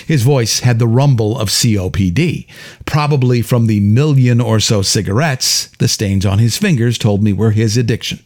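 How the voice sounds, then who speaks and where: A man reading his own detective story aloud in a wry, deadpan first-person style. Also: medium pitch, moderate pace. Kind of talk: audiobook narration.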